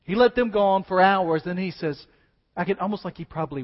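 A man preaching a sermon dramatically, swinging between loud declaiming and hushed asides. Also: sits high, a little fast. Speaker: pastor. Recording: dull sound with long reverb in a large hall.

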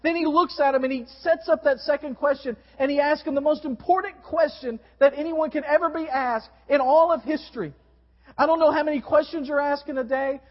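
High-voiced male preacher in a reverberant hall. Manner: preaching with wide swings in pitch and volume. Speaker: pastor. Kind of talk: sermon. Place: church sanctuary. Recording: dull recording in a long-reverb hall.

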